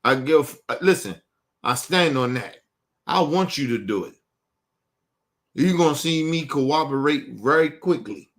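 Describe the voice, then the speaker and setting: Man from Baltimore, show host, raised-pitch voice, blunt profane rant straight to camera, insistent and repetitive. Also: lively intonation, a little slow, long pauses. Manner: emphatic, blunt, cursing, repeats himself; addresses viewers directly, urging them.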